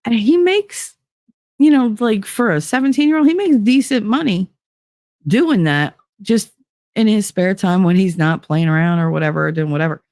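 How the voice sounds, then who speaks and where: A woman in her forties hosting a show, telling personal stories casually and acting out the quotes with big jumps in pitch. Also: expressive, normal speed, a little mellow, no room sound, studio quality. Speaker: podcast host. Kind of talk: casual storytelling monologue.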